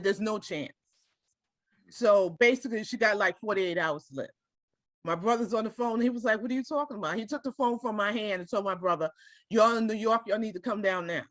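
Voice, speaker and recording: A woman's voice: mid-range voice, fairly bright tone, dry recording, studio quality. A woman telling a personal story to a small group, speaking directly and emotionally and often checking that her listeners follow her.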